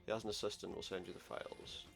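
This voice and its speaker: Male gamer, deep and a bit gravelly, wry casual commentary over soft game music. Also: flat delivery, quick pace. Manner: wry, sarcastic asides. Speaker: let's play gamer. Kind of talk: casual game commentary, reading game dialogue aloud.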